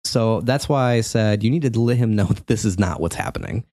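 A man in his forties casually recapping a video game for a podcast, telling the story with animated energy and frequent laughter. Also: on the low side, a little fast, no echo, studio quality. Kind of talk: casual chat.

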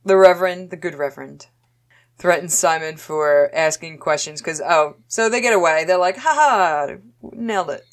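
A woman casually recapping a TV episode with a co-host, playful and quick to act out the characters. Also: deep voice. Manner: playful, acts out characters in quick voices, laughs often. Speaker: podcast co-host.

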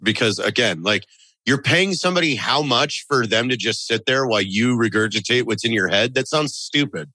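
A man's voice: medium pitch, animated, normal speed, pushed and bright, no echo, rough recording. A man chatting casually and playfully on a podcast. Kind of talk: casual chat.

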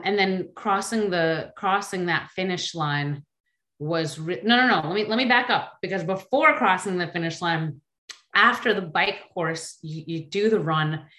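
Animated woman telling a story, bright voice. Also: lowish voice, echoey room. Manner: animated, full of fillers and restarts. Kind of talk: personal story, casual recollection.

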